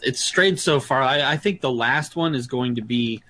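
A man's voice: mid-range voice, normal speed, sharp tone. A man co-hosting a radio tech show, chatting in long rambling turns. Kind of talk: casual banter.

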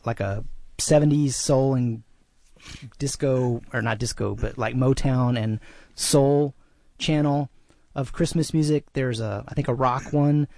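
A man in casual chat on a radio show, speaking at an ordinary mid pitch. He rambles, trails off and restarts his sentences often. His voice is close and dry in the studio. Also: measured pace, vocal fry, mellow, no echo. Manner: rambling, full of fillers and restarts.

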